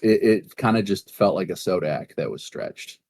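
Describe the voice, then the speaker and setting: A young man from Massachusetts co-hosting a casual gaming podcast, rambling and swearing freely, jumping into animated voices when he retells conversations. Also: deep voice, moderate pace, no room sound. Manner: rambling, profane, animated in retold dialogue. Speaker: podcast co-host.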